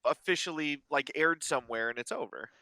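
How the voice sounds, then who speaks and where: A man's voice: fairly high pitch, fairly quick, bright, forceful tone, no room sound. A man co-hosting a casual fan discussion, enthusiastic and acting out imagined conversations. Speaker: co-host.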